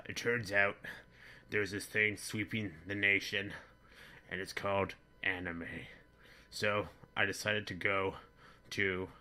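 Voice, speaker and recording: A boorish, bigoted middle-aged dad, played by a man rambles crudely through a comedic monologue. His voice sits a little low but rings bright and forceful. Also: exaggerated voice. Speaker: comedy vlogger in character.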